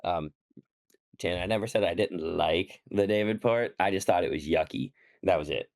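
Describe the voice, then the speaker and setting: A man with a lowish voice talking casually about a film he watched. He pauses often with "um" and keeps an easygoing tone. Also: a little mellow. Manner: hesitant, many "um"s, easygoing. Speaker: podcast co-host. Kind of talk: casual chat.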